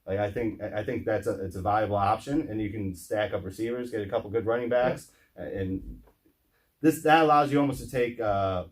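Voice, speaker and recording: A man co-hosting a sports podcast in casual chat, halting and repeating words, apologizing when he cuts in. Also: lowish voice, recorded from a distance. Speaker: podcast co-host.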